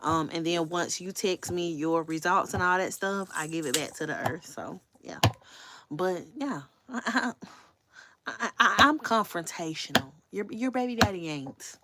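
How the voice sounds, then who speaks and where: A woman's voice: lowish voice, lively intonation, a little slow, pushed and bright, slight background noise. A woman hosting a casual livestream, chatting candidly with her viewers and swearing freely. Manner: talks straight to viewers. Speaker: livestream host.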